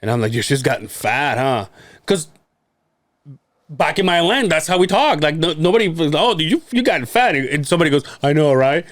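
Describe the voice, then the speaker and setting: A man's voice: on the high side, lively intonation, moderate pace, no echo, clean studio sound. A young man from Mexico on a podcast, telling stories in casual chat, laughing often and acting out the voices of the people he quotes. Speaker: podcast co-host.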